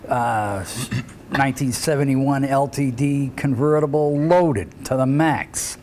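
A man's voice: medium pitch, slow pace, darkish tone, slight background noise. Older man spinning rambling tales. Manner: rambling anecdotes with fillers and chuckles. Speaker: retired wrestler, interview guest. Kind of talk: shoot interview storytelling.

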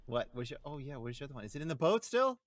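A woman's voice: a bass voice, very animated, very fast, heavy background noise. A woman co-playing a game session, chatting casually in a laid-back, giggly way. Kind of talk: casual gameplay chat.

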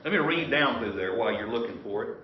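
A man's voice: mid-range voice, expressive, fast, slight background noise. A man preaching a sermon as pastor, folksy and rambling, with frequent restarts. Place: church sanctuary. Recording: roomy, distant, dull church recording.

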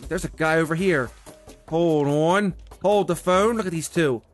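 A young man giving excitable, casual gameplay commentary as the channel's host, swearing often and breaking into loud outbursts. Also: fairly high pitch, a little slow, faint music behind.

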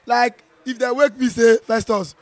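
Excitable Nigerian man, high voice. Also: measured pace, dry recording, soft background music. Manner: animated, switching into Nigerian Pidgin, playful and boastful. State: strained voice from shouting. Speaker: football fan. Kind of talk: excited match reaction. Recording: outdoor viewing center.

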